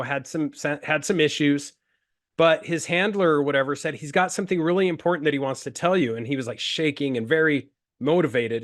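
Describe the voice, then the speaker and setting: A man from Utah who is a guest on a panel, telling a relaxed anecdote with drawn-out phrases and fillers. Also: a little high. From Utah, USA. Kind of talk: casual discussion, anecdote.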